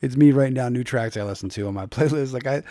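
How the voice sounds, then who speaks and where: A male podcast host chatting casually, quick and enthusiastic, with stumbling restarts. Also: medium pitch, mellow, no echo, clean studio sound. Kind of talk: casual interview chat.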